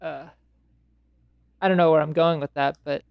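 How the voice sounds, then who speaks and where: A man's voice: a little high, fairly even intonation, normal speed, gravelly, clean tone, no room sound, lo-fi sound. A young man hosting a podcast in casual chat, rambling with frequent restarts and self-interruptions. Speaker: podcast host.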